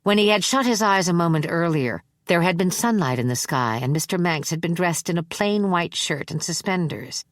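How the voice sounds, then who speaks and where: Female audiobook narrator, deep register, measured delivery, dry close recording. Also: no echo. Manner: measured, even storytelling. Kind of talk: scripted narration.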